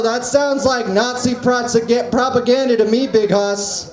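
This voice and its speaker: A man doing open-mic stand-up in a small venue, with deadpan setups and quick impressions. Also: extremely high pitch, echoey room. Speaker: stand-up comedian.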